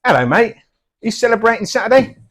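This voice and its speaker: A middle-aged man riffs through comic banter with a straight, mock-serious face and plenty of swearing. His voice sits a little high for a man and swings widely up and down. He plays it dry and earnest. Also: big pitch swings, a little fast, fairly bright tone. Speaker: comedy double act host.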